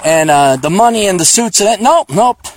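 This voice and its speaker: Man, slightly high voice, casual rambling talk, profane, sarcastic, outdoors on a trail, phone mic. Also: lively intonation, brisk, slight background noise. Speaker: podcast host.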